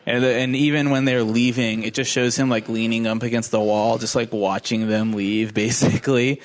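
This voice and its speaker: A man's voice: medium pitch, flat delivery, moderate pace, few pauses. A man on a casual podcast, retelling a film plot in a rambling way, laughing often, swearing and acting out lines. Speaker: podcast co-host. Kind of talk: casual movie recap chat.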